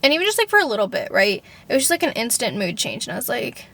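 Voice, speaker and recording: A woman's voice: a little high, big pitch swings, fairly quick, creaky, hardly any pauses, bright, forceful tone. A young woman talking casually to camera in a personal vlog, rambling, filling with "like" and swearing freely. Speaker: vlogger.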